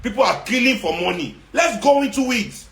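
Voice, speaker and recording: A man with a Nigerian accent and a fairly high voice, ranting at his listeners with sarcasm and hammering repetition. He drops into Nigerian Pidgin as he goes, and his voice rings around a roomy, echoey space. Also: expressive, brisk, a bit bright. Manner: confrontational, sarcastic, repeats for emphasis. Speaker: activist speaking to followers. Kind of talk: impassioned monologue. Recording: roomy echo.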